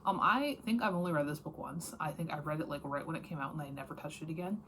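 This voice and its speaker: A woman's voice: deep voice, fast talker, fairly bright tone, a little hiss or hum. A woman chatting casually about books she read, frank and rambling, with many fillers and self-corrections. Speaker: book vlogger. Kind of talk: casual reading wrap-up chat.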